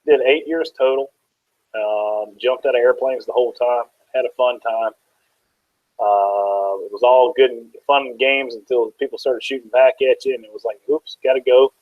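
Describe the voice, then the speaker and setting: Husky-voiced man telling easygoing stories. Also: medium pitch, fairly even intonation, normal speed, dry recording, dull audio. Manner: easygoing joking storyteller. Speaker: guest. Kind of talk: casual interview chat.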